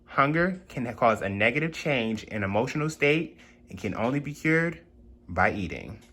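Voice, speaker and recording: A man's voice: medium pitch, sing-song, normal speed. A young man giving a sassy, chatty tour of his small apartment, walking around with a handheld phone camera and tossing out drawling slang asides. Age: young adult. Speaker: vlogger giving a home tour. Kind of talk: casual home tour chat.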